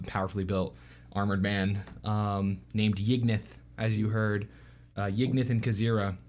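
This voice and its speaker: A man narrating as game master of a tabletop game, speaking haltingly with many pauses and fillers. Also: on the low side, a little mellow. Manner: halting, full of ums and uhs.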